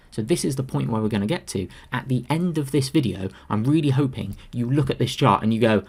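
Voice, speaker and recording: A man's voice: mid-range voice, animated, fairly quick, gravelly, hardly any pauses, darkish tone, slightly rough. A man presenting a trading lesson over slides, emphatic and prone to repeating key phrases for stress. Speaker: trading educator. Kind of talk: screen-share presentation.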